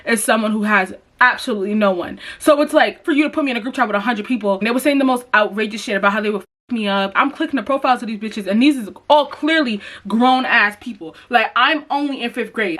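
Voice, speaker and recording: A woman's voice: a little high, quick pace, hardly any pauses, a bit bright. A young adult woman telling a personal story to her viewers in a casual vlog, blunt and chatty with lots of swearing. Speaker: vlogger.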